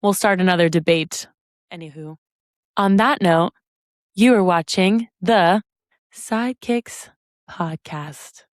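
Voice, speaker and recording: A woman's voice: lowish voice, slow, long pauses, no echo, studio quality. Chatty woman co-hosting a podcast. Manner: chatty, laughing, easygoing. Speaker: podcast co-host. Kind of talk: casual chat.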